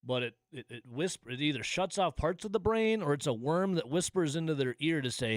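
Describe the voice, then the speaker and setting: Sarcastic sports radio host, lively pitch. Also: male voice, no room sound, clean studio sound. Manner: mocking, sarcastic, drawn-out asides. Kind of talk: call-in sports radio talk. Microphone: studio microphone.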